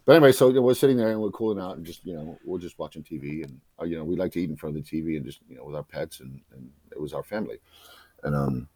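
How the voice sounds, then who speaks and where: Fast-talking deep Bostonian man. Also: darkish tone, no room sound. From South Boston, USA. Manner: emotional, profane, rambling with restarts. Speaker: memoir author, guest. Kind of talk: candid personal storytelling.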